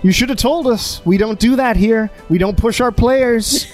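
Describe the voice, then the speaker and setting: A man voicing a gruff, caring male sports coach who scolds a player and then fusses over him. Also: very high-pitched, moderate pace, faint music behind, voice pushed up. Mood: fussing. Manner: blustery, scolding then soothing.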